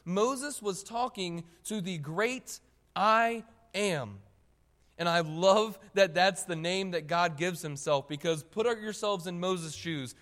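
Animated preacher man in a reverberant hall. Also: sits high, slow. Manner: animated, emphatic, addresses the congregation directly. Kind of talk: sermon.

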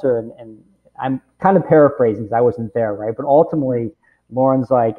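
A man in his forties tells a personal story as an interview guest, rambling along with constant "you know" and "right?" checks. His voice sits at an ordinary pitch for a man, and the audio is tinny and phone-like. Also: a little fast. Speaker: guest, camp director.

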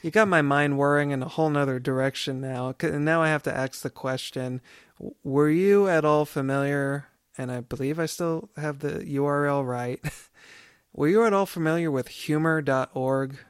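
Man, podcast co-host, casual rambling chat, smooth voice, dry close mic. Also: on the high side, moderate pace, dry recording. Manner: rambling, laughs often, many fillers.

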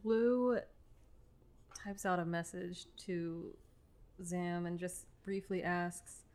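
A woman player in a tabletop game telling what her character writes. She speaks softly and slowly, in a lowish voice.

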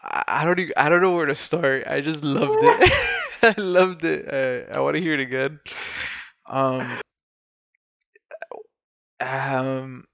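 A man's voice: fairly high pitch, big pitch swings, slow, vocal fry, pauses often, a bit bright, no echo. A man co-hosting a podcast, chatting casually with profane, laughing banter. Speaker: podcast co-host. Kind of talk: casual chat. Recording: dry, dull lo-fi sound.

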